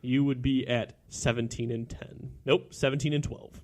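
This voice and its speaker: A man's voice: mid-range voice, fairly even intonation, normal speed. A young man co-hosting a casual sports podcast, teasing his partner and cheerfully plugging the show. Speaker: podcast co-host.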